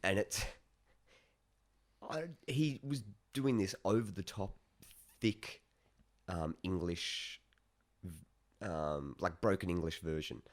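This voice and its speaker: A man's voice: low voice, slow, long pauses. A man with an Australian accent, co-hosting a casual podcast in a studio, reviewing films in a loose, rambling way and swearing often. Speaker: podcast co-host. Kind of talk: casual chat, film review.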